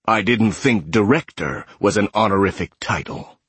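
Man doing a sadistic taunting male killer, audiobook villain, deep husky voice, shouts in anger. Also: moderate pace, no room sound. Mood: cold, mocking. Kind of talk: audiobook character voice.

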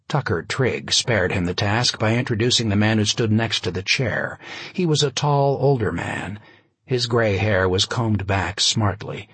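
Husky low-voiced male narrator. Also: fairly bright tone, no room sound. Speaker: audiobook narrator. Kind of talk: scripted narration.

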